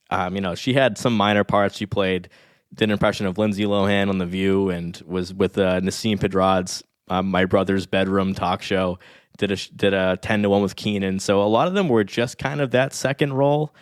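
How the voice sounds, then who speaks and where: A man's voice: on the low side, no echo, studio quality. A man in his thirties, a guest on a podcast, talking casually and with enthusiasm about past comedy episodes. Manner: enthusiastic, reflective, rambling. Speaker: podcast guest, statistics expert.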